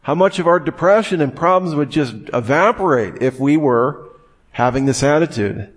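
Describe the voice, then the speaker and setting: A man's voice: a little high, animated, normal speed. A young man preaching a casual, conversational sermon, often acting out imagined inner voices and asking the listeners questions.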